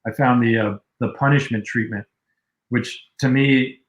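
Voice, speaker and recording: A man in casual conversation, recounting old stories in a relaxed, rambling way, with fillers. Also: mid-range voice, unhurried. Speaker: guest, music video director. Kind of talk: casual storytelling on a livestream. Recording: roomy echo.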